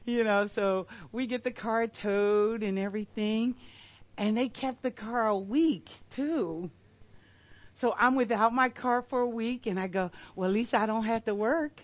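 A woman's voice: on the high side, measured pace, no echo, muffled recording. An older woman giving a sermon, emphatic and storytelling, with rhetorical questions.

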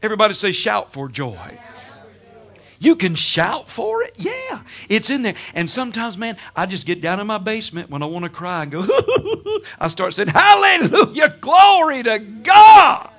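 A man preaches with a high, bright voice that leaps up and down in pitch. He tells homely stories, breaks into laughter and shouts his praises. His delivery is animated and full of sudden swings. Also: normal speed. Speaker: pastor. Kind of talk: sermon.

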